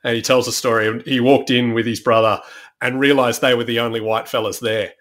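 A man's voice: mid-range voice, a little fast. Jokey Australian man telling stories. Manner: jokey, animated storyteller. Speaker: podcast host. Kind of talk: casual chat.

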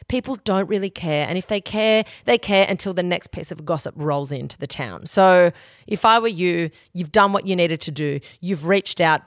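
A woman's voice: lowish voice, no room sound, studio quality. A young adult woman, hosting a casual advice podcast in a blunt, sweary, emphatic way. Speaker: podcast host giving advice.

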